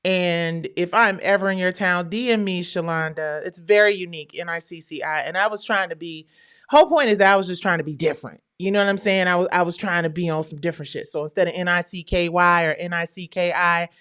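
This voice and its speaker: Middle-aged woman, low smooth voice, chatty slangy livestream host. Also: a little fast, a bit bright. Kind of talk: casual livestream chat.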